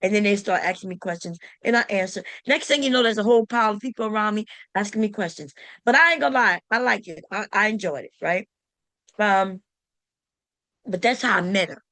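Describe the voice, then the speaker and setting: A woman's voice: mid-range voice, brisk, bright, forceful tone, no room sound. A woman hosting a sewing channel, telling a story to camera in a casual, emphatic way and talking straight to her viewers with exasperated rhetorical questions.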